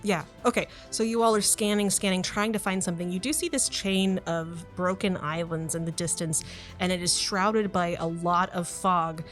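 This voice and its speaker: A woman's voice: on the low side, moderate pace, faint music behind. A woman narrating as game master of a tabletop game, chatty and laughing often.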